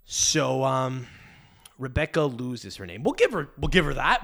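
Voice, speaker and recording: Male podcast host, fairly high voice, crude rambling rant. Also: sing-song, moderate pace, creaky, fairly bright tone. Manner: crude, rambling, restarts a lot. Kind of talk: casual rant.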